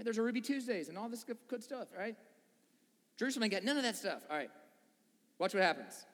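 Male preacher, high voice, lively and jokey, long hall reverb. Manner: animated, joking asides and acted-out voices. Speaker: pastor. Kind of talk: sermon.

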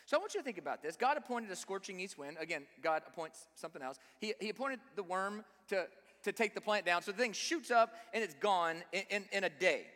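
A man's voice: high voice, animated, fairly quick, fairly bright tone. A man preaching a sermon, speaking emphatically and often putting rhetorical questions to his listeners. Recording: long reverb of a large hall.

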